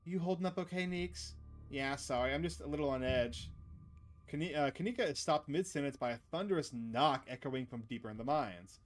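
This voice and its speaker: A man's voice: on the high side, a little fast, soft background music. Joking man streamer reading a game. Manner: playful, jokey asides to chat. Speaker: streamer reading a visual novel aloud. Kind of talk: casual let's-play narration with character reading.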